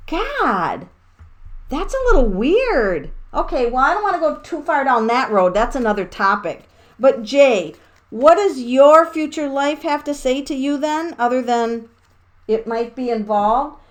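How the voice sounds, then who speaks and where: A woman with a fairly high voice talks through a tarot reading for her viewers. She rambles and gets excited, laughs, and slips in the odd swear word. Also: unhurried. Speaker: tarot reader.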